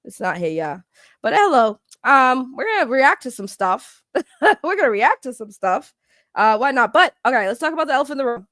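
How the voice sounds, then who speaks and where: A woman's voice: sits high, animated, a little fast, fairly bright tone, no room sound. Woman streamer, chatty and self-mocking, dry close sound. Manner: chatty, self-mocking, greets chat by name. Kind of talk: casual livestream chat.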